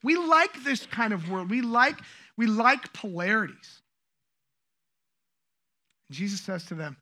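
A man preaching a sermon as pastor, animated and joking with the congregation. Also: high-pitched, slow, long pauses. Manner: animated, acts out quoted voices, jokes with the congregation.

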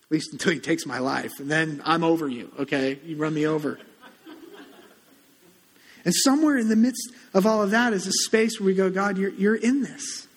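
A middle-aged man preaching a sermon as a pastor, conversational and animated, acting out quotes as he goes. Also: sits high. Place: church sanctuary. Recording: long hall reverb.

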